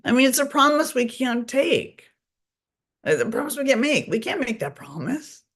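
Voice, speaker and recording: A woman's voice: sits high, sing-song, normal speed, fairly bright tone. A middle-aged woman, a guest author, telling her story candidly and bluntly, with frequent swearing. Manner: blunt and profane, speaks openly. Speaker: guest author and recovery advocate.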